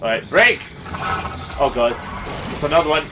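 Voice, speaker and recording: A young man giving profane, excitable let's play commentary, yelling at his teammates. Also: fairly high pitch, normal speed. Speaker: gaming video host.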